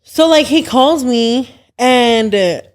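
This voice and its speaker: An animated woman co-host with a fairly high voice, switching between English and Spanish phrases as she tells a story on a studio podcast. She talks with fiery energy and quick asides. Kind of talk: casual chat.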